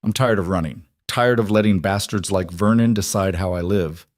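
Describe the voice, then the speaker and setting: A man's voice: sits low, moderate pace, darkish tone, no echo, studio quality, lightly acted. A man voicing a hardened, grim male rancher and war veteran who speaks in short, clipped lines. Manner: terse, clipped.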